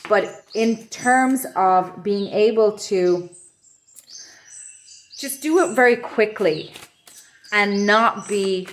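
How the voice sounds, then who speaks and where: A woman giving an intuitive tarot reading to camera from her home office, talking in a soft, meandering, reflective way. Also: mid-range voice, slight background noise. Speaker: tarot reader.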